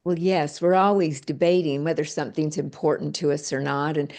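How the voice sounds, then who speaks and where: Lowish-voiced woman author, animated. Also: a little fast. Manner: animated, acts out quoted phrases in different voices. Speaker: author and guest. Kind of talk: interview conversation.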